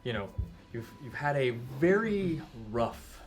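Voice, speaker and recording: A man's voice: fairly high pitch, very animated, measured pace, faint music behind. A man acting as game master of a tabletop role-playing game, talking in an easygoing, casual way.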